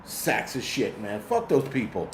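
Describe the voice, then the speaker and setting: A man's voice: medium pitch, very animated, a little slow, echoey room, a little hiss or hum. A man from the United States hosting his channel, giving an angry, profane, rambling livestream rant full of restarts. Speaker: host.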